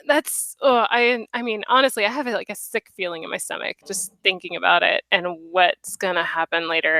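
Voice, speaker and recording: A woman's voice: mid-range voice, gravelly, a bit bright, dry recording. A woman hosting a live online chat show, talking casually with lots of fillers and giggles. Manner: chatty, giggly, many fillers. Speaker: host.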